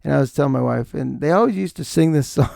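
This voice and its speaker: A middle-aged man hosting a podcast, rambling through profane, animated comic stories on a close mic. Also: a little high, quick pace, creaky, no echo. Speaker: podcast host. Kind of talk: comedic podcast monologue.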